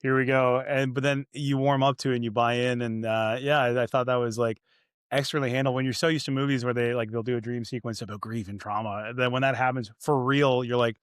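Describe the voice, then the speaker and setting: A man's voice: medium pitch, steady tone, a little fast, clean tone, no echo, clean studio sound. A man co-hosting a movie review podcast, chatty and self-described as a cynic. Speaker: podcast co-host. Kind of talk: casual movie review chat.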